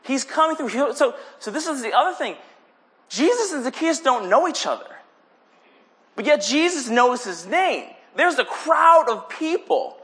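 A young man giving a casual sermon, animated, often acting out little voices for the people he talks about. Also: very high-pitched, a little slow. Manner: animated, acts out voices in quotes. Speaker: preacher.

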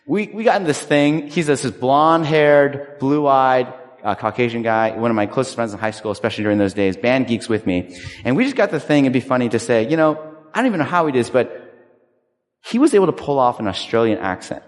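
Animated male pastor preaching in a hall. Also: mid-range voice, a little fast. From Southern California. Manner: animated, conversational preaching with personal stories. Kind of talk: sermon. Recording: long reverb of a large hall.

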